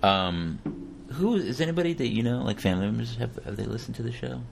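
Animated, joking male podcast host. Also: medium pitch, quick pace, vocal fry, a little hiss or hum. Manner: joking, animated, laughs often. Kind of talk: casual podcast chat.

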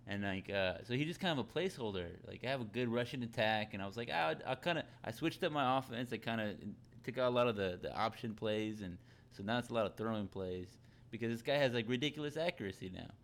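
Gravelly-voiced young man rambling casually. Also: on the low side, brisk, a little hiss or hum. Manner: rambling, many fillers and restarts. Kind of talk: casual chat.

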